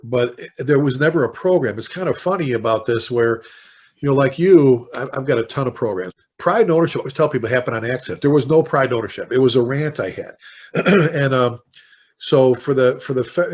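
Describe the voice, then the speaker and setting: A man in his sixties with a Chicago accent, a veteran fire chief telling lively stories as a podcast guest and slipping into impassioned rants. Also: mid-range voice, a little fast. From Chicago, United States. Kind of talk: casual podcast interview.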